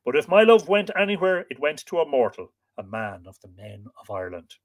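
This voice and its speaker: A man voicing a frightened fairy woman, gentle and pleading, in a softer, lighter voice than his narration. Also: fairly high pitch, sing-song, fairly quick. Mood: wistful. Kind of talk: dramatic storytelling reading.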